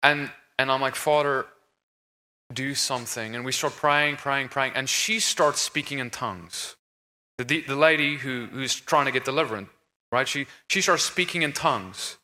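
A man's voice: mid-range voice, normal speed, bright, forceful tone. A man speaking on a conference stage, earnest and emphatic, talking in a preaching tone with frequent restarts. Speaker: conference speaker on deliverance ministry. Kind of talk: stage discussion. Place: conference stage in a large hall. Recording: reverberant hall.

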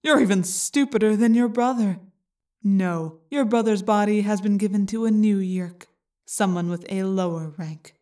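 A woman voicing a gloating male alien parasite in an audiobook, slow and mocking. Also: mid-range voice, warm tone, distant mic, natural voice. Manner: slow, taunting, smug. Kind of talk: audiobook character reading.

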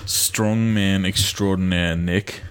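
A man's voice: deep voice, fairly even intonation, slow, clear, resonant tone. A young Australian man from Canberra co-hosting a casual podcast, easygoing and a bit hesitant. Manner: easygoing, hesitant with many uhs. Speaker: podcast co-host. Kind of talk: casual chat.

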